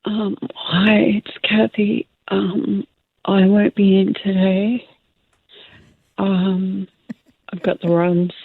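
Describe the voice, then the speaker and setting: Hesitant woman caller, slow and dry. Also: mid-range voice, level tone, no echo, phone-quality sound.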